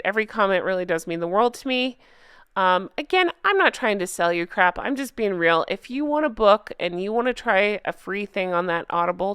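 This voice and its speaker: A woman's voice: medium pitch, fairly bright tone, smooth, no room sound, clean studio sound. Chatty, giggly woman vlogger. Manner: rambling, giggly, talks straight to viewers. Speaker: reality TV recap vlogger. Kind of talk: casual chatty recap.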